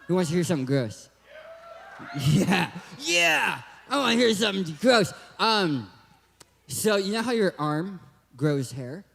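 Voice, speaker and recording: A man's voice: high-pitched, big pitch swings, measured pace, creaky, a bit bright, in a large hall. A young man from Southern California with a lisping, cartoon-like voice gives a hyper, joking youth talk at a church. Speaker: guest speaker.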